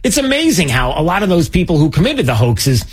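A man's voice: a little high, big pitch swings, fairly quick, husky. A man hosting a political commentary show, sarcastic and mocking, with many filler words.

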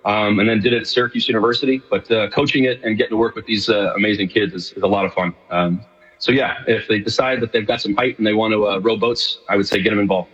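Fast-talking New York man on a lo-fi remote line. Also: lowish voice, steady tone, fairly bright tone, husky, long reverb tail. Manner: rambling, many fillers and restarts. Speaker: guest. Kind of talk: casual radio interview.

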